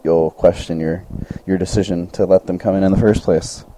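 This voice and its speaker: A man's voice: deep voice, normal speed, a little hiss or hum, rough recording. A young man chatting casually as a podcast co-host, rambling through a story and acting out the people in it. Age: young adult. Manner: rambling, animated retelling with quoted voices.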